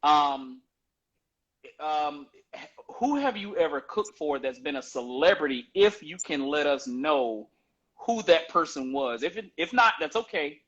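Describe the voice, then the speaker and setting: Enthusiastic male host, lively swinging delivery, somewhat raised pitch, muffled lo-fi sound. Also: a little slow. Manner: eager, enthusiastic questioner. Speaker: podcast host. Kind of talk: casual interview chat. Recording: muffled lo-fi audio.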